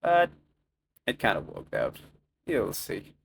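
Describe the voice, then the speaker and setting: A man's voice: fairly low pitch, huge pitch swings, slow pace, vocal fry, a bit bright, slight background noise. A man with a non-native English accent narrating his own cooking vlog in a chatty, self-mocking way. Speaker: cooking vlogger. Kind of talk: casual vlog voice-over.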